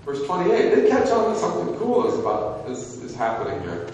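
A man's voice: high voice, wildly swooping pitch, fairly quick, darkish tone, recorded from a distance, highs cut off. A male pastor preaching a conversational sermon, asking frequent rhetorical questions. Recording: echoey hall, mic from afar, faint noise.

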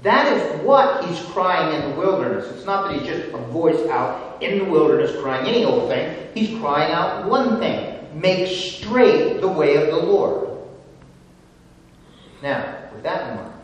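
A man preaching a sermon, earnestly reading scripture slowly and explaining it. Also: a little high, expressive, lo-fi sound. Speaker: pastor. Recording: echoey hall, voice from far off.

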